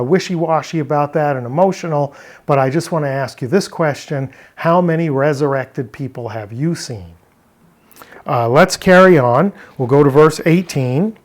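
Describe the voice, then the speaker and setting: A man's voice: fairly high pitch, a little mellow. A man teaching a verse-by-verse Greek word study, explaining step by step and posing rhetorical questions. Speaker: Bible language teacher.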